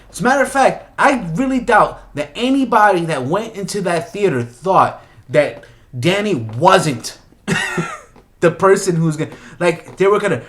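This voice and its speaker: A man's voice: high voice, expressive, moderate pace, a bit bright. A young man ranting about a movie in an exasperated, opinionated way, firing off rhetorical questions. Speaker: movie commentator.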